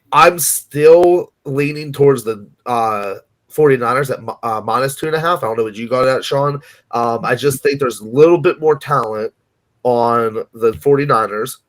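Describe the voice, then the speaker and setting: A man's voice: medium pitch, fairly bright tone. A man co-hosting a sports betting podcast, talking casually in a rambling, hedging way with frequent restarts. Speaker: podcast co-host.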